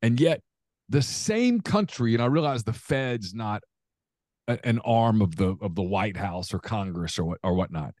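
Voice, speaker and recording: A man's voice: fairly low pitch, lively intonation, normal speed, darkish tone, no room sound, studio quality. A man co-hosting a podcast, ranting in heated casual chat and stumbling over repeated words as he gets worked up. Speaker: podcast co-host.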